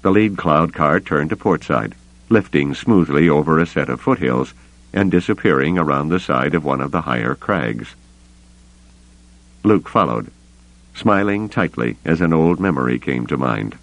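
A man narrating an audiobook in an expressive, varied storytelling manner. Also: a bass voice, normal speed, dry recording. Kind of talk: scripted narration. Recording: dull, muffled dry recording.

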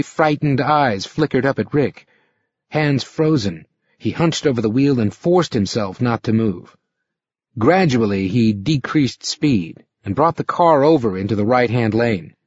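A male narrator reads an audiobook with a lively, rising-and-falling delivery and a slightly husky voice. The sound is dry and close, a little muffled at the top. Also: mid-range voice, measured pace, dry recording. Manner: expressive, dramatic reading.

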